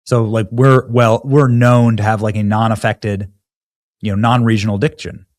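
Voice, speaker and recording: Animated sarcastic male commentary host. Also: mid-range voice. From Iowa. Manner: animated and sarcastic, with loose conversational restarts. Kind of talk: mocking political commentary.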